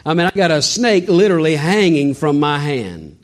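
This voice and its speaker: A man preaching a sermon in a folksy, animated way with joking asides. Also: a little high, a little fast. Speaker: pastor.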